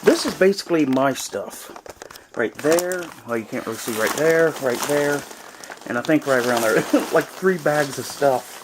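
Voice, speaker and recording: A man's voice: a little high, expressive, moderate pace, background noise. A man chatting casually to a camera from a small cabin in the woods, rambling with lots of fillers. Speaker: vlogger on a cabin trip.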